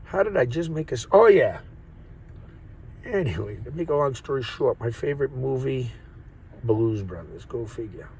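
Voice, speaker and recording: A man's voice: medium pitch, lively intonation, moderate pace, darkish tone, slight background noise, poor audio. A man talking into his phone in a rambling, profane, joking monologue that keeps wandering off topic. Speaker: vlogger. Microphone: phone or camera mic.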